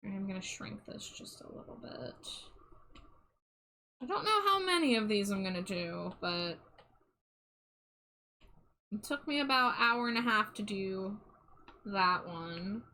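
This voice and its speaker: A woman on a live stream talks casually as she draws, her voice bright and a touch sharp. She chats and rambles, trailing off mid-sentence and poking fun at herself. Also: mid-range voice, sing-song, unhurried, pauses often, poor audio. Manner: chatty, self-deprecating, trailing off. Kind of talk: casual live-stream chat while drawing.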